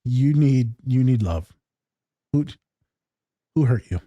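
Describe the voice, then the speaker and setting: A man's voice: mid-range voice, lively intonation, takes it slowly, mellow, no echo, lo-fi sound. A man co-hosting a casual podcast, blunt and joking, rambling through his points. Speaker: podcast co-host.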